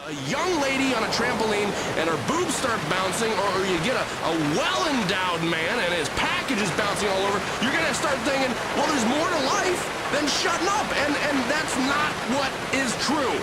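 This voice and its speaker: A pompous preachy radio host. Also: male voice, very high-pitched, lively intonation, fairly quick, few pauses, very noisy. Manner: pompous, sermonizing, leads chants. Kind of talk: in-game radio call-in show.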